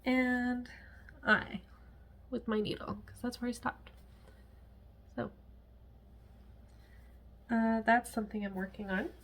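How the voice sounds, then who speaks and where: A woman's voice: on the high side, steady tone, slow, long pauses, fairly bright tone. A woman chatting casually to camera at home as a cross-stitch vlogger, rambling with frequent laughs and asides.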